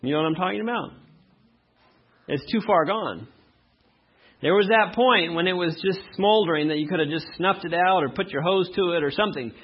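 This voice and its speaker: A man preaching a sermon as pastor, reading verses slowly and loudly, then dropping to quiet asides. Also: high voice, breathy edge, lo-fi sound.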